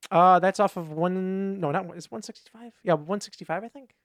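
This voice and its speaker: With a high-pitched voice and a brisk delivery, a male podcast co-host chats casually, meandering through stories and acting out what people said in raised voices. The sound is clean studio audio with no room sound.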